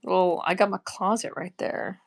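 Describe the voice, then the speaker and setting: A woman's voice: on the low side, steady tone, normal speed, faint music behind. A woman from Dallas with a slight Texas twang, chatting casually and a little hesitantly on a livestream. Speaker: livestream co-host. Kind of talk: casual chat.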